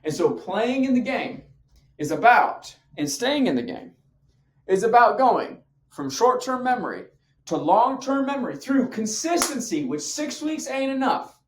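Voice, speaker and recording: A man's voice: extremely high pitch, sing-song, unhurried. A man coaching on fitness habits in an emphatic, slangy, punchy motivational talk to camera. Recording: echoey room.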